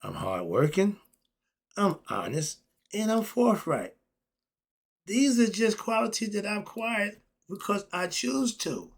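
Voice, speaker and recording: A middle-aged man, giving a blunt, ranting opinion monologue that swings between muttering and loud outbursts. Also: sits high, big pitch swings, slow, gravelly, long pauses. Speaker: commentary vlogger.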